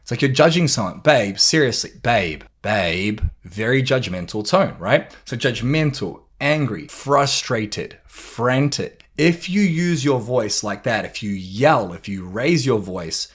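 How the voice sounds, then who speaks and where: A man's voice: mid-range voice, animated, unhurried, hardly any pauses, slightly rough. A man hosting a motivational podcast, talking emphatically about relationships and swearing now and then. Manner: emphatic, demonstrates tones of voice, swears. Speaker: podcast host and relationship coach.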